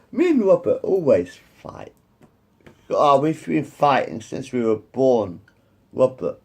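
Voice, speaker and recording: Here's a fifties-aged vlogger with a rough, gravelly voice telling meandering personal anecdotes. He repeats himself a lot and curses nonstop, with a lively intonation that swings high and low.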